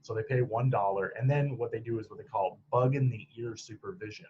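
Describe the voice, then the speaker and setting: A man's voice: on the low side, fairly quick, lo-fi sound, slight background noise. A man from Michigan's Upper Peninsula, a podcast guest talking casually about his clinical training, rambling with many restarts and laughs. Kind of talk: casual interview chat.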